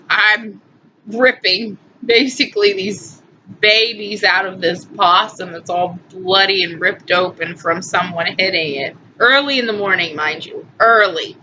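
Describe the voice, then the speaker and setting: Bright-voiced woman in her twenties rambling. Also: medium pitch, steady tone, slow. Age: 20s. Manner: chatty, emotional, lots of "anyway" and asides. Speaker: vlogger. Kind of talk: rambling personal storytelling. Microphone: phone. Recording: muffled phone audio with faint hiss.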